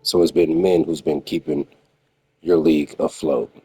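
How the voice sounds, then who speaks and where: A man's voice: rumbling low, fairly even intonation, moderate pace, mellow, faint music behind. A man giving blunt, emphatic reaction commentary in a lecturing tone.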